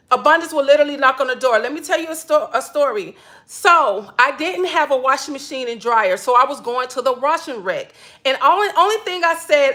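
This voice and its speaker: A woman with a high-pitched, fairly bright voice tells her viewers stories from her own life. As a spiritual wellness creator, she keeps it chatty and casual, laughing often and repeating "literally."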